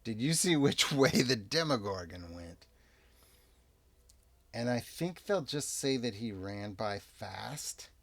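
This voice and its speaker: A man narrating and rules-explaining a solo tabletop role-playing game in an unhurried, chatty way. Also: on the low side, vocal fry. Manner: unhurried, chatty, lively ups and downs. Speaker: game master and player.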